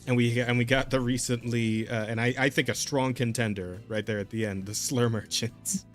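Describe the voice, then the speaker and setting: A man hosts a podcast with loose, laid-back chatter. He laughs often and circles back on his words, and his voice sits in a middle pitch. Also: steady tone, moderate pace, soft background music. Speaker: podcast host. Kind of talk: casual chat.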